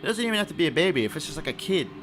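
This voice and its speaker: A man's voice: a little high, very animated, rapid-fire, over music. A man hosting a solo podcast alone in a room, rambling and swearing, with many fillers and restarts. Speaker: podcast host. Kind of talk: casual solo podcast rant.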